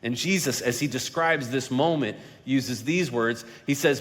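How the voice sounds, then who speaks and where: A male pastor preaching a sermon, slowing down and dropping to a hush for emphasis, then building up louder on key points. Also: mid-range voice. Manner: dynamic delivery, slowing and dropping quiet for emphasis. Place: large church sanctuary. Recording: long reverb of a large hall.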